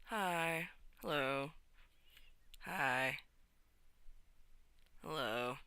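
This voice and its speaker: A livestreamer chatting casually at home in the morning, often soft and half-whispered. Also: medium pitch, extremely slow, clean tone. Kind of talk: casual live-stream chat.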